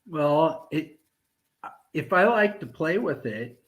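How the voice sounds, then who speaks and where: A man's voice: a little high, sing-song, slow, low-quality recording. A man hosting a casual podcast chat, talking hesitantly with many fillers and easy laughs. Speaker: podcast host.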